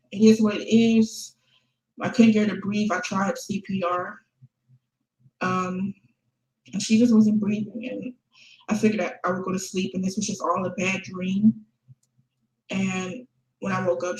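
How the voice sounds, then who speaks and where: Flippant teenage girl in an echoey room. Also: medium pitch. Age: late teens. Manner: flippant, laughing between sentences. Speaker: vlogger. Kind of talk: casual confessional vlog.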